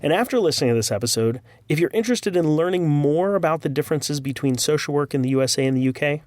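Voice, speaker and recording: A man's voice: fairly high pitch, lively intonation, fast, darkish tone, dry recording, studio quality. A man hosting a podcast, talking in a friendly, conversational way with light jokes. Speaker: podcast host. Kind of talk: casual podcast monologue.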